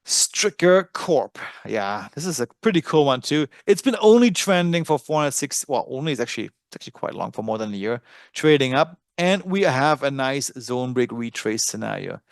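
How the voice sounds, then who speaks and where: A man's voice: medium pitch, animated, moderate pace, no room sound, studio quality. A man with a German accent hosting a live trading webinar, talking casually and thinking aloud with frequent fillers. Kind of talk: live screen-share webinar.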